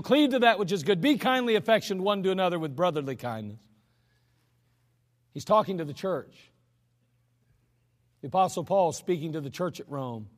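A man's voice: sits high, lively intonation, moderate pace. A male pastor preaching a sermon in a folksy, emphatic way, with chuckling asides, in a church sanctuary. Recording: long hall reverb.

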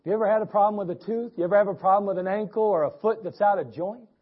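Male pastor, husky higher voice, folksy rambling sermon, dull lo-fi church recording. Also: rapid-fire. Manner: folksy storytelling with many restarts. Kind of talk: sermon with personal story. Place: church sanctuary.

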